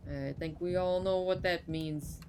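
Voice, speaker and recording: A woman's voice: lowish voice, noisy background. A woman playing a video game, making casual, swearing comments to herself. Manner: casual, swearing, laughing asides. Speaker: gamer. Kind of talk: let's-play commentary.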